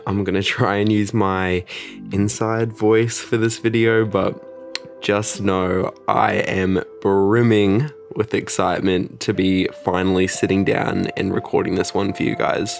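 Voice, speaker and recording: Brief: male channel host, low voice, playful and dramatic chat to camera.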